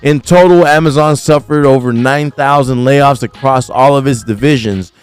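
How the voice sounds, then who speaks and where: A man hosting a loose news commentary livestream, swearing freely and ranting in slang. His voice is smooth and clear, sitting at an ordinary pitch. He grows animated when something annoys him. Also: normal speed, no room sound, faint music behind. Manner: animated, often rises when worked up. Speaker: host.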